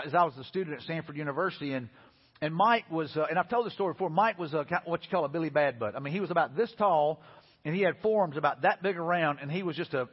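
A middle-aged pastor preaching with quick, high, husky delivery, acting out the people in his stories. His voice rings with a long hall echo. The recording sounds dull and lo-fi. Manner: animated, storytelling with repeated quotes. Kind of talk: sermon.

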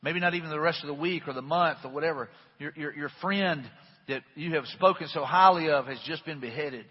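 A man's voice: on the high side, a little fast, slightly rough. A man preaching a sermon in a conversational way, with fillers and restarts. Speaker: pastor. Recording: dull echoey hall.

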